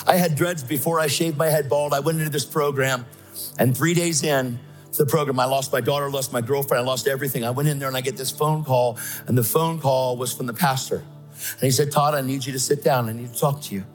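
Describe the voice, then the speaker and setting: A guest speaker preaches an emphatic, excitable sermon built around his personal testimony, acting out voices as he tells his own story. His voice is a little high and brisk, with soft music in the background.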